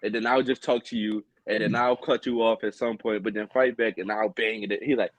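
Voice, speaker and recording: A man talking as a podcast guest in relaxed, casual chat, often letting his phrases drop off quietly. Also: fairly low pitch, brisk, dry recording, poor audio. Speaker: guest wrestler.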